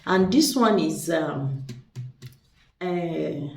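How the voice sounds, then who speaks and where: A woman's voice: low voice, expressive, extremely slow. A woman showing off spiritual products in a chatty, persuasive way, repeating words for emphasis. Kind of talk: casual product showcase. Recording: echoey room, distant mic.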